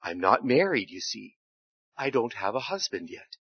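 A shy, meek young woman speaking in a hushed, humble voice, as a man reading the story puts her on. The words come quietly and low. The recording sounds dry and slightly dull. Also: big pitch swings, normal speed, slightly rough, no room sound, full character voice. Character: young woman, meek and trembling, then joyful.

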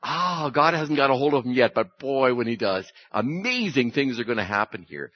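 A man preaching an Easter sermon, telling stories with lively, acted-out voices. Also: normal speed, no room sound, muffled recording. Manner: animated storytelling, acting out voices with big pitch jumps. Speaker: pastor.

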